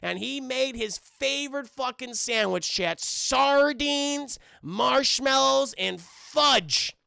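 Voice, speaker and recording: A man's voice: very high-pitched, slow, vocal fry, clean tone, no room sound. A man reviewing a cartoon live for his stream chat, swearing freely and joking as he recaps. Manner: profane, excitable, joking.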